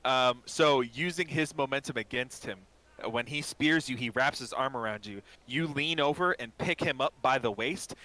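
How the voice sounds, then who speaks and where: A man runs a tabletop game, narrating the scene in a loose, casual way full of fillers and restarts. His voice is bright and forward, and his pitch sits at a middle level. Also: moderate pace. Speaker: game master.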